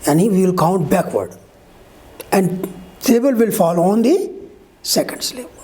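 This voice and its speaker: A woman's voice: medium pitch, expressive, normal speed, dark tone. A woman teaching a pronunciation lesson, explaining rules step by step, spelling out letters and checking with "Okay?". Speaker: English teacher. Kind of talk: online grammar lesson.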